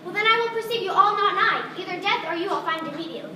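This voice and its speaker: A woman's voice: very high-pitched, fast talker, noisy background. A woman acting on stage as a modest young woman in love, speaking earnest declaimed verse. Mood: frightened. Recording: distant echoey stage recording with ambience.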